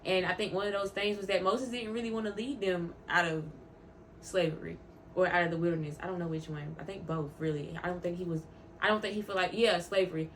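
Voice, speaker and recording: A woman's voice: on the low side, fairly even intonation, quick pace, slight background noise. A woman vlogger talking casually about faith, heartfelt and openly emotional, rambling and repeating words for emphasis. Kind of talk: casual faith vlog talk.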